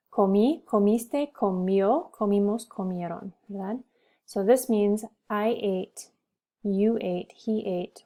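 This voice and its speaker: Woman, language teacher, mellow warm tone, slow careful drilling, mixes English and Spanish. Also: mid-range voice. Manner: switches between English and Spanish. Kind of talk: classroom language lesson.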